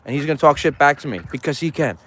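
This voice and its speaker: A man's voice: on the high side, rapid-fire, fairly bright tone. Crude, joking farmer man. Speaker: farmer vlogger. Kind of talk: casual vlog chat. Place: farm, outdoors with goats.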